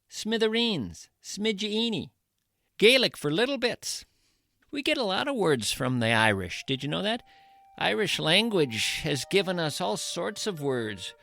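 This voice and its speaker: A man's voice: fairly high pitch, creaky, fairly bright tone, no room sound, studio quality. A man hosting a talk show, delivering a wry comic monologue and stretching out words for effect. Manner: wry, playful, drawn-out emphasis on words. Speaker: radio talk host. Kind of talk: comedic monologue.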